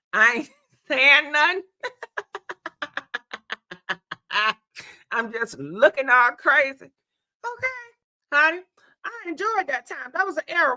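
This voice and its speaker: A woman chatting casually on a livestream, animated and laughing often, her voice congested and hoarse from being sick. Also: sits high, dry recording. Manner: chatty, animated, laughs often, addresses viewers as y'all and honey. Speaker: livestream host.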